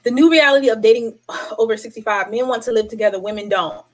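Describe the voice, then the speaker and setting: A woman's voice: on the high side, fast, rough recording. A young woman, talking to camera in a casual vlog and hammering her points home with repetition. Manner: animated, emphatic, repeats points to drive them home. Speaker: vlogger.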